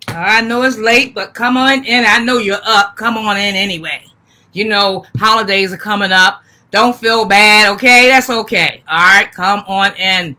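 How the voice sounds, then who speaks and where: A woman in her fifties hosts a live-stream sale in an unhurried, drawn-out way. Her voice is bright and forceful, and her talk is folksy and chatty, with the same welcomes repeated over and over. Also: medium pitch. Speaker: live-stream seller and host. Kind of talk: casual live-stream sales chat.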